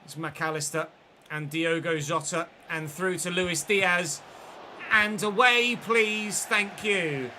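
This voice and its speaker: Male streamer, high and very bright, chats and swears at the game, faint noise in the background. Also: steady tone, measured pace, few pauses. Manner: sweary, chatty, answering chat mid-game. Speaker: gaming streamer. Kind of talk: livestream gameplay commentary.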